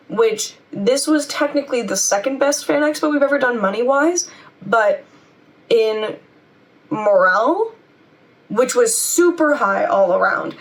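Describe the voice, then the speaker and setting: Chatty young woman, high voice, off-mic. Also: distant mic. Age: 20s. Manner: chatty, rambling, upbeat. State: voice a little worn. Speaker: vlogger and convention seller. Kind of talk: casual chat to camera.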